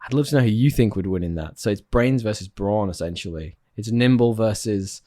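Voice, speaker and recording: Fast-talking British guy co-hosting a podcast. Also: lowish voice, dark tone. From Britain. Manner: playful, teasing, sarcastic. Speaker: podcast co-host. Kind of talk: casual chat.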